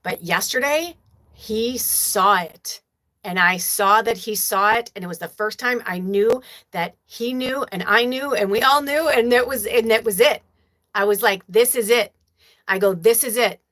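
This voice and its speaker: A woman's voice: a little high, a little slow, bright, forceful tone. A woman hosting a spiritual livestream, talking in a casual, emotional and profane way and reading viewer comments aloud. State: tearful at times. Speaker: spiritual medium, livestream host.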